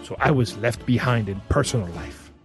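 A man's voice: mid-range voice, moderate pace, soft background music, close to an everyday voice. A man putting on a stilted Russian-accented woman. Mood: mock-earnest. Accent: put-on Russian accent. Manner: stilted, formal, mock-earnest reading. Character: woman from Russia, chirpy dating-site pitch.

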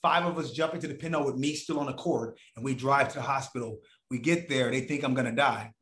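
Animated man telling stories, echoey room. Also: medium pitch, fast talker. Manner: animated, profane, acts out voices of others. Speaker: podcast guest. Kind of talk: casual storytelling.

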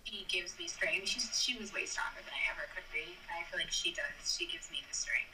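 A woman's voice: medium pitch, sing-song, a little fast, pushed and bright, recorded from a distance, poor audio. A woman who is a mother and advocate, talking earnestly and thoughtfully in a casual conversation, her sentences sometimes trailing off.

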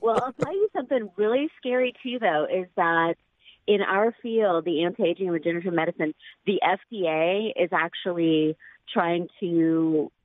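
Female caller, lowish voice, earnest and measured, heard through a tinny phone line. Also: no room sound. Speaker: caller, physician. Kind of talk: radio call-in. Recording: phone line into radio show.

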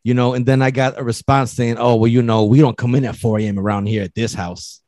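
A man's voice: medium pitch, fast, no room sound. A man in casual chat, telling stories with lots of swearing and acting out what people said. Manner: animated storyteller, profane, acts out quotes.

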